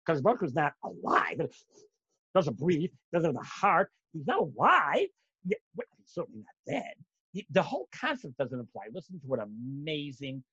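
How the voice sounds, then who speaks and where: A man teaching a religious lesson, acting out inner voices dramatically and bursting into shouts. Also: fairly high pitch, husky, dry recording. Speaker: Torah teacher. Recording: dull lo-fi dry recording.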